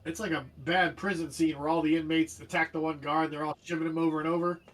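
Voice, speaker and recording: A man narrating a tabletop game as game master, animated and jokey, describing the action vividly. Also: fairly high pitch, fast talker. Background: faint background music.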